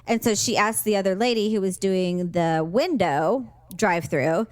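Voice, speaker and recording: A woman co-hosting a podcast, telling a story in casual chat, animated and swearing freely. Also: medium pitch, moderate pace, no echo. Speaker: podcast co-host.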